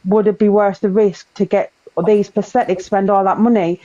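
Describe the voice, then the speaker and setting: A woman's voice: medium pitch, flat delivery, moderate pace, warm tone. A woman on a live stream who keeps cutting in to explain and clarify things at length. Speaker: daughter of the guest. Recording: lo-fi line.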